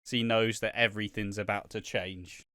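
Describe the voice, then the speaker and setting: A man's voice: on the low side, fairly even intonation, brisk, bright, forceful tone, no echo, clean studio sound. A man from Britain co-hosting a podcast, chatting casually and animatedly about a soap episode, often swearing and acting out lines. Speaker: podcast co-host.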